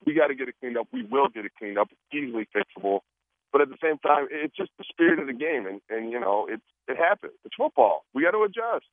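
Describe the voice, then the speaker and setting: A man's voice: medium pitch, fast talker, no room sound. A man, a football player, joking and acting out quotes in a casual radio interview. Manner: animated, joking, acts out quotes. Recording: tinny phone line.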